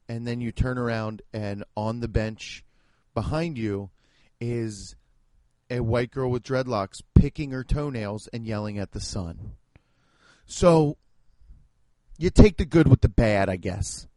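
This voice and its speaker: A man's voice: medium pitch, warm tone, dry recording. Man, from the Midwest, comedian and podcast host, rambling sarcastic monologue, swears a lot, dry close sound. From American Midwest. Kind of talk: casual monologue.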